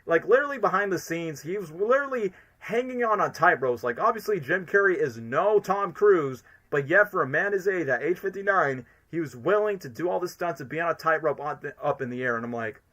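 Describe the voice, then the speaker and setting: A man's voice: a little high, animated, brisk, hardly any pauses, pushed and bright. A man streaming casual fan commentary, enthusiastic and rambling, filling his sentences with "literally" and "like".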